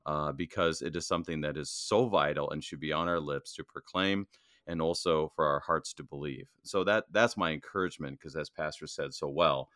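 A man's voice: rumbling low, moderate pace, fairly bright tone, dry recording, clean studio sound. A man who is a church district president, talking earnestly about faith with fillers and restarts, and reading passages aloud. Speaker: district president co-hosting a Lutheran study podcast. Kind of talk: casual theological discussion and reading aloud.

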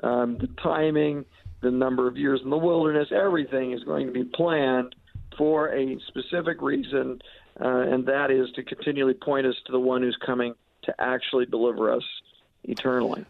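A man's voice: medium pitch, fairly even intonation, normal speed, vocal fry, dry recording. A man co-hosting a Bible discussion, reflecting thoughtfully in a casual conversational way. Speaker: Bible study podcast co-host. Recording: dry tinny phone-like line.

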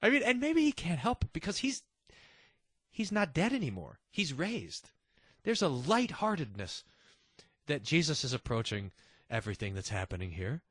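Husky, lively man teaching scripture. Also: fairly high pitch, normal speed, no echo. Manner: animated and delighted, chuckling asides. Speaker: Bible teacher.

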